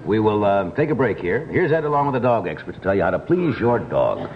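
A man's voice: on the low side, very animated, a little fast. A man hosting a talk show, chatting casually in a friendly way, with many fillers. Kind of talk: casual interview chat. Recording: dull old TV audio with clear hiss.

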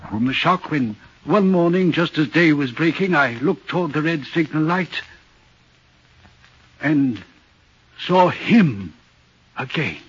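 An actor playing an uneasy railway signalman in vintage radio drama, talking in an earnest, troubled, deliberate way with a husky voice. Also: a little high, lively intonation, exaggerated voice. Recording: muffled old radio recording.

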